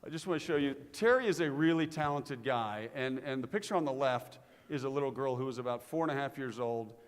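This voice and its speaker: A middle-aged man of middling pitch delivers a heartfelt tribute speech from a conference stage. He speaks earnestly and grows animated as he tells a story. His voice carries through a stage microphone into a large hall with long reverb. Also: a little fast, clean tone.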